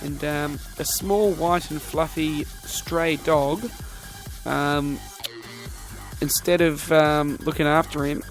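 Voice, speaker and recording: A young man with a slightly high voice hosts a loose, jokey podcast. He rambles and stumbles over his words, repeating himself as he riffs. Faint music plays underneath. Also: steady tone, slow. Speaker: podcast host. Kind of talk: casual comedic podcast chat.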